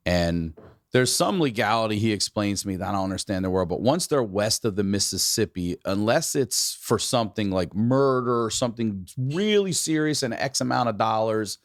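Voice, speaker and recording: A man's voice: on the low side, normal speed, dry recording, studio quality. A man telling stories in a casual chat, swearing freely and laughing often. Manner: lively, profane storyteller who laughs often.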